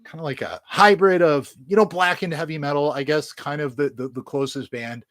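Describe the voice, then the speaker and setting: A man talking through his music collection on camera, his voice pitched a bit higher than most men's. He jokes crudely and mocks himself, rambling with lots of fillers and swearing. The sound is close and dry, with no room echo. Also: normal speed, fairly bright tone. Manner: crude, joking and profane, rambling with frequent fillers; enthusiastic and self-mocking. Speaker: music collector reviewing his new albums. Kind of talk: casual unscripted vlog.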